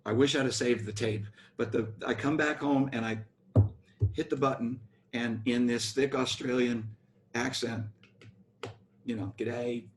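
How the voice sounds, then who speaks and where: Brief: older American musician guest, rambling anecdotes, mid-pitched, faint hiss. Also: male voice, steady tone, a little slow. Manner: rambling anecdotal storytelling with restarts. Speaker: guest musician, bass player. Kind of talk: storytelling interview.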